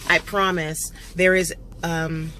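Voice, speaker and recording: Earnest, low-voiced woman encouraging parents. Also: flat delivery, slow, pushed and bright, slight background noise. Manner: earnest and encouraging, with many um fillers. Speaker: homeschooling parent vlogger. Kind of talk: casual motivational talk to parents.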